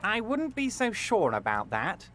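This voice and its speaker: A syrupy self-important boss. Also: male voice, sits high, wildly swooping pitch, measured pace, pushed and bright, full character voice. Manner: syrupy, falsely reassuring, pompous. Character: smooth-talking, self-important middle-aged male boss. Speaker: union boss in a video game. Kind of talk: video game character acting.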